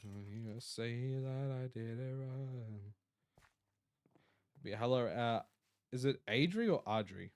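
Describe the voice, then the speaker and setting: A man's voice: medium pitch, slow, pauses often, a little mellow. A tired Australian man chatting casually on a live stream, rambling and reading out chat messages. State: tired, yawning.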